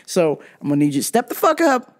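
Animated, blunt woman podcast host. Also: lowish voice, fast. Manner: blunt, profane, bursts into loud laughter. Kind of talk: casual chat.

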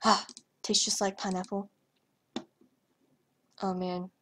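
A young woman chatters over her gameplay in a hyper, scattered way, trailing off and stumbling over her words. She speaks slowly and unhurriedly, and her voice sits at an ordinary pitch. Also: flat delivery, bright, forceful tone, a little hiss or hum. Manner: hyper and rambling, trailing off and stuttering. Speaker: gaming vlogger. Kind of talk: casual commentary over gameplay.

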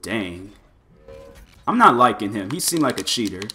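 A man giving loose, excitable commentary over his fighting-game play, full of exclamations and filler words. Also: on the low side, normal speed, faint music behind. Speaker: gameplay commentator. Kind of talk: casual gameplay commentary.

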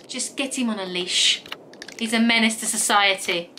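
Woman playing a sneering stray cat, lower and quieter, bright tone, dismissive, game character. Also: normal speed, a little hiss or hum. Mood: scornful. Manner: cool, dismissive and haughty. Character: feisty, scornful female stray cat.

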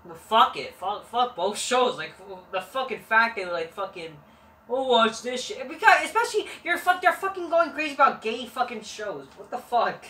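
A man's voice: very high-pitched, sing-song, moderate pace, sharp tone. A man hosting a wrestling review, rambling and dismissive and swearing constantly, recorded on a camera mic. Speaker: wrestling show reviewer, channel host. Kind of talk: profane rambling review rant. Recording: roomy, distant mic, faint noise.

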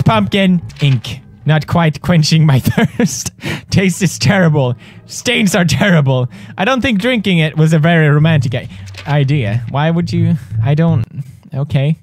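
Man reacting to a horror game, loud, swearing, lively swooping pitch, slow drawn-out talk, game music behind. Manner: loud, excitable, swearing, yelping at scares. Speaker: gamer. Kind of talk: gaming commentary.

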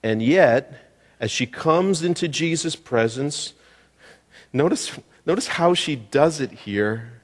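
In a church sanctuary, a male pastor preaches conversationally, posing questions to the congregation along the way. His voice is a little high and animated, and he takes his time. The recording carries church hall reverb.

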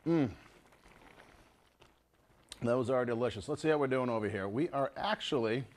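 A mid-range male voice at normal speed belongs to the host of a casual home cooking show. He tastes and cooks while chatting away to viewers, calling them folks.

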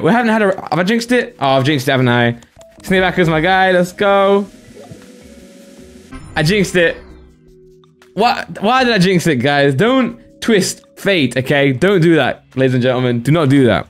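A young man with a high, bright voice, rattling off excited commentary on opening card packs. He keeps the energy up, yells at big pulls, and has faint music playing behind him. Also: moderate pace. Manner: hyped, shouting with excitement at pulls. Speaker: host. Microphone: desk microphone with green screen.

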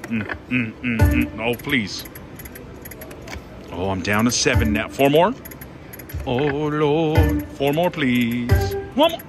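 A man giving excited live commentary as he plays slots in a casino, pleading with the machine and making dramatic exclamations. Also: mid-range voice, slow, long pauses. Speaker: slot machine vlogger. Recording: loud casino slot machine music behind. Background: slot machine music.

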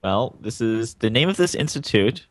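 A man on a podcast panel in casual chat, laid-back and halting, often restarting his words. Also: medium pitch, expressive, no room sound.

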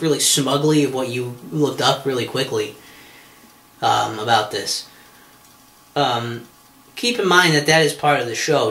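A man's voice: on the high side, fairly bright tone. Rambling, profane man in a roomy space. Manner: profane, exasperated, many fillers and restarts. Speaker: podcast host. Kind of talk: rambling comedic monologue. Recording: roomy echo.

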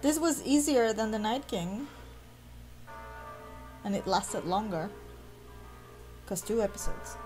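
A woman's voice: mid-range voice, lively intonation, takes it slowly, pauses often, faint music behind. A woman hosting a reaction video, swearing, exclaiming and talking back at the screen as she watches a TV episode. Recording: show audio loud behind her.

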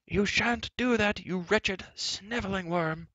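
A hot-tempered bard shouts his indignation in a high, strained, raised voice, as a man reading a storybook puts him on. There is grit in the tone and the recording sounds dull and lo-fi. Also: fairly quick, no echo. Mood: furious. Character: hot-tempered male bard, loud and boastful.

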